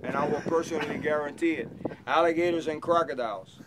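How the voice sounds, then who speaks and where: A man with a slightly high voice talks fast while guiding a wetlands airboat tour, telling stories and teasing passengers in a playful way. The poor audio from a boat-mounted 360 camera carries crowd noise plus loud wind and engine noise.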